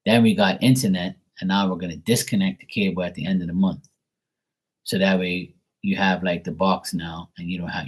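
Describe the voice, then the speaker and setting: Middle-aged man, husky and lowish; casual venting monologue, exasperated and profane. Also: flat delivery, moderate pace. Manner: exasperated rant with frequent swearing and fillers. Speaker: tarot reader.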